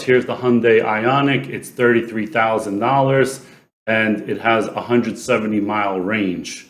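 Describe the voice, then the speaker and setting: Chuckling low-voiced man in an echoey room. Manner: conversational, chuckles often mid-sentence, rhetorical questions. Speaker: finance commentator. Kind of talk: casual explainer commentary.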